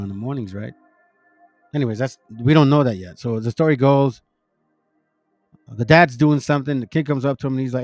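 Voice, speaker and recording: A man's voice: medium pitch, no echo. A middle-aged man hosting a casual preaching monologue, rambling and slangy, calling his listeners family and bro. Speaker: religious channel host.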